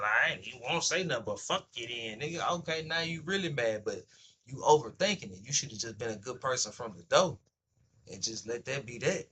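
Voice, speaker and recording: A man's voice: medium pitch, bright, forceful tone, slight background noise. A man hosting a livestream, talking bluntly in casual street slang and profanity, acting out both sides of everyday conversations. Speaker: livestream host. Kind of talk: casual monologue on stream.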